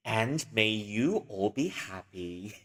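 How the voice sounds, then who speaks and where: A man's voice: on the low side, expressive, slow, fairly bright tone. A man hosting a casual livestream who rambles and giggles, with a long reverb on the recording. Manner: rambling, giggly, full of fillers. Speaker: livestream host.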